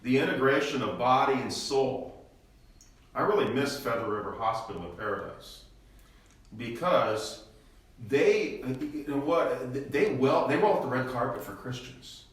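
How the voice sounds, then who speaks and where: An older pastor leads a Bible study in a church classroom, his mid-range voice expressive and unhurried. He teaches through rhetorical questions and keeps tagging sentences with "okay?". The recording is echoey, with the mic far off.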